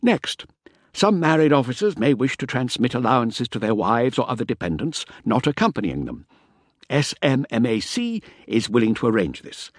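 A man's voice: mid-range voice, big pitch swings, moderate pace, no echo, studio quality, pitched above the performer's own voice. A man voicing a fussy, compulsively tidy paymaster who speaks in precise, formal phrases.

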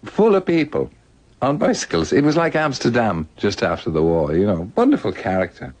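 A man's voice: on the low side, wildly swooping pitch, normal speed, a little mellow, dry recording. An older Irish man telling stories in a radio conversation, laughing often and slipping into little voices. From Ireland. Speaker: guest author.

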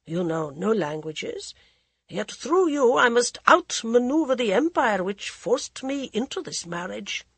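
Woman reading as a sardonic young prince, aloof, condescending, husky, dry. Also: on the high side, very animated, unhurried, no echo, pitched above the performer's own voice, heavily acted. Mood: cool.

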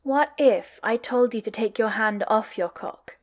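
A sly young man who teases with a pouty, mock-sweet edge, read by a woman. His voice sits fairly high and playful. The tone is cheerful but quietly cruel, as in a spoken fanfiction recording. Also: a little slow, close to an everyday voice. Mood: teasing. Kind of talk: podfic dialogue reading.

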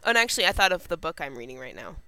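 Bright-voiced Minnesotan woman podcaster. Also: low voice, very animated, racing, no room sound, low-quality recording. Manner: enthusiastic, playful. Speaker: podcast co-host. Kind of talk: casual chat.

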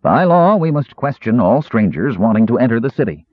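A man voicing a stern, suspicious soldier sergeant who speaks gruffly. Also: mid-range voice, sing-song, a little fast, dry recording, pitched above the performer's own voice. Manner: gruff, demanding. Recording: thin phone-like audio.

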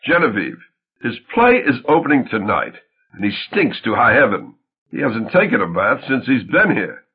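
A man's voice: medium pitch, huge pitch swings, normal speed. A man putting on a scornful young wife. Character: sharp young woman, wife leaving her husband. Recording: tinny phone-like audiobook sound.

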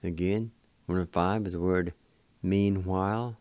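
A man's voice: low voice, fairly even intonation, a little mellow, clean tone, no room sound. An older man hosting a radio show, patiently spelling and sounding out words syllable by syllable. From Cherokee Nation, Oklahoma. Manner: slow, patient, repeats each syllable. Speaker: radio host teaching Cherokee words. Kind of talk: slow spelled-out language lesson.

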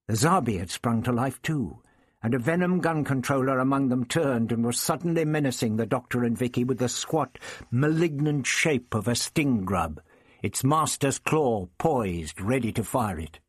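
A male audiobook reader with a husky, slightly breathy tone and a lively, rising-and-falling delivery. He tells the story dramatically in a dry, close recording without room sound. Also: medium pitch, moderate pace, dry recording. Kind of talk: scripted narration of a science fiction novel.

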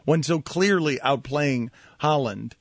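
A man's voice: medium pitch, slow, vocal fry, slightly rough, no echo. A man hosting sports talk radio, exasperated and needling, his voice cracking, close on a studio mic.

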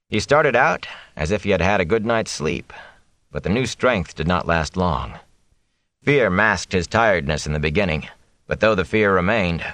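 A man reading a fantasy novel aloud in a measured, suspenseful way. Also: deep voice, a bit bright, no room sound. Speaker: audiobook narrator. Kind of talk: scripted fantasy narration.

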